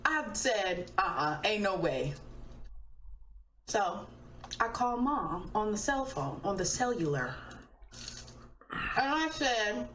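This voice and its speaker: A young woman chats through a livestream story, animated and casually profane. Her voice sits in the middle range and comes from a distance, with a roomy echo around it. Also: medium pitch, takes it slowly, long pauses. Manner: animated, chatty, swears casually. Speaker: singer on a livestream. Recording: echoey, distant playback with faint noise.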